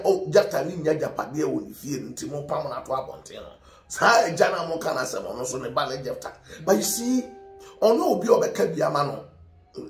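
Ghanaian male pastor, emphatic sermon delivery, high voice, roomy echo. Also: creaky. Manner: mixes Twi and English, emphatic preaching with laughs.

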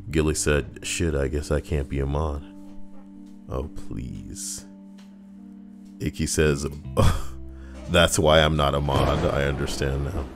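Deep-voiced joking male streamer. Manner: joking and playful. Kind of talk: casual chat, reading comments and a story aloud.

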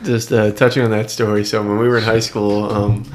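A man's voice: fairly low pitch, level tone, brisk, a little hiss or hum. A young man, a podcast co-host, chatting casually in a laid-back way. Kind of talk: casual chat.

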